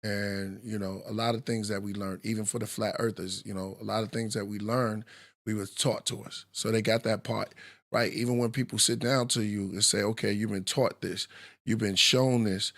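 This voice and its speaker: Gravelly-voiced man musing on a podcast. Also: on the low side, little pitch movement, normal speed, fairly bright tone. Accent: New York. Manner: loose, reflective, philosophizing with many fillers. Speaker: podcast host. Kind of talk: casual live podcast talk.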